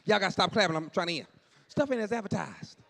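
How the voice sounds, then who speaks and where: A man doing stand-up comedy in a church, telling stories with animated delivery, acting out dialogue and shouting punchlines to a live audience. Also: high voice, fast, creaky.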